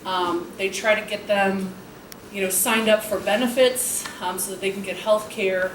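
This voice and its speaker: A woman's voice: mid-range voice, fairly even intonation, moderate pace. A woman representing a charity, presenting earnestly to a meeting with frequent ums. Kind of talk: informal presentation. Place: meeting hall. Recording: echoey hall from far off, noisy.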